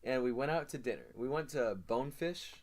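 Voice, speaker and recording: A man's voice: mid-range voice, brisk. Teen guy cohosting a podcast, rambly storyteller, um-ing and like-ing a lot. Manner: rambling storyteller with many fillers. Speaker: podcast co-host. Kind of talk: casual chat.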